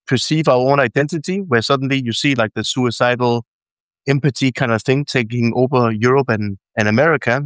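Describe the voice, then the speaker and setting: A man calls into a talk show and asks a question in a rambling, halting way, full of ums and restarts. His voice sits at a middle pitch. The sound is dry, with no room echo. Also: clear, resonant tone. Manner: rambling, halting, many fillers. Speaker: caller. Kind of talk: call-in question.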